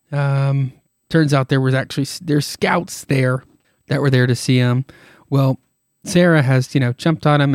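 A man's voice: medium pitch, darkish tone, no echo, clean studio sound. A man hosting a podcast, casually retelling a comic with many fillers and irreverent asides, his throat tired. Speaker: podcast host.

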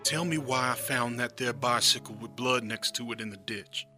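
A man's voice: medium pitch, normal speed, bright, forceful tone, faint music behind. An actor playing a stern, protective sharecropper father named George in an audio drama.

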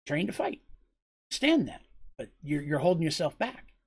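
Blunt, serious male warrior mentor, voiced by a man, husky and pitched up, no sarcasm. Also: sing-song, moderate pace, exaggerated voice. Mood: lecturing. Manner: frank, lecturing.

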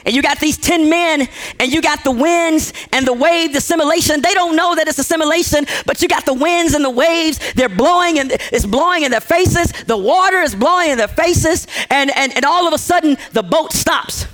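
A man preaching a sermon, telling a story with repeated phrases, acting out the characters' lines and shouting at the peaks. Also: very high-pitched, normal speed. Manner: acts out characters' quoted lines.

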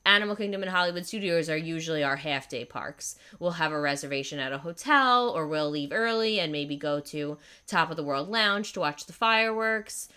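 A young woman with a low, bright and clear voice chats eagerly about her favorites, filling her sentences with "like." She sounds crisp and forward, relaxed in casual conversation. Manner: chatty, enthusiastic, lots of "like". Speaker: podcast host. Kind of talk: casual chat.

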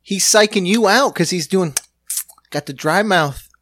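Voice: medium pitch, a little slow, a bit bright, dry recording. A co-host joking around in playful casual comedy banter. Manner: wisecracking, playful.

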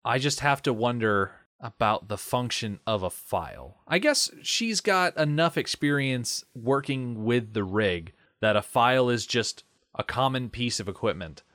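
Lively, wry man recapping a movie. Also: medium pitch, a little slow, no room sound, clean studio sound. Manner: wry, lively storytelling with tangents. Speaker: podcast co-host. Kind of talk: casual movie discussion.

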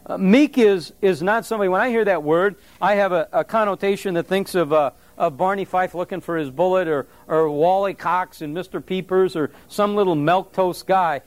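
High-voiced man preaching a lively sermon. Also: normal speed, few pauses, dry recording. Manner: conversational, animated preaching with asides to the congregation. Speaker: pastor.

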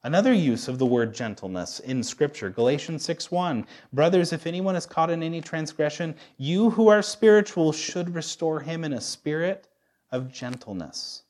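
A man's voice: a little high, lively intonation, moderate pace, a little mellow. A man in his thirties preaching a sermon as a pastor, candid and self-deprecating, often restarting his sentences. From United States.

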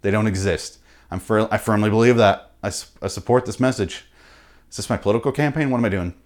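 A man riffing through an unscripted comic monologue, profane and animated, with sudden loud bursts. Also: lowish voice, fast talker. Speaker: comedian host.

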